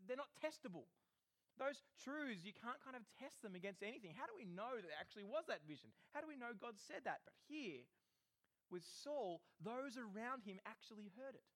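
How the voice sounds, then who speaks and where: A male preacher giving a sermon, animated and lively, often acting out quotes in different voices. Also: high voice.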